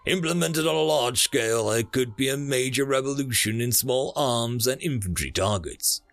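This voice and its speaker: A man voicing a steady, practical male commander in a measured manner, in an audiobook reading. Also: mid-range voice, gravelly, dry recording.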